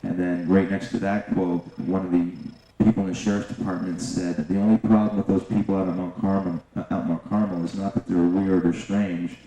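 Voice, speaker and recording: A man telling a personal story in an unhurried, conversational way, acting out other people's lines now and then. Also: low voice, little pitch movement, warm tone. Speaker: eyewitness recounting events. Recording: roomy echo with faint noise.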